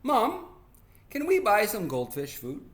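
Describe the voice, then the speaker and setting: Eager little boy in a storybook, high and bright, put on by a man reader. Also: huge pitch swings, slow, reverberant, heavily acted. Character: excited young boy swapping his dad.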